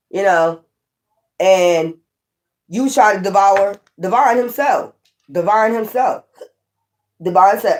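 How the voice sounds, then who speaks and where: A woman's voice: medium pitch, unhurried. A woman giving a casual tarot reading, swearing often, laughing and talking straight to her viewers. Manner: profane, laughing, animated asides to viewers. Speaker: tarot reader.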